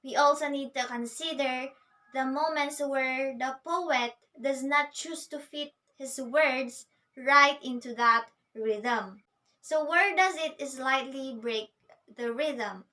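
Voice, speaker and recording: A woman's voice: high-pitched, slow, sharp tone, distant mic. A woman teacher giving a recorded literature lecture, patiently explaining and answering her own questions.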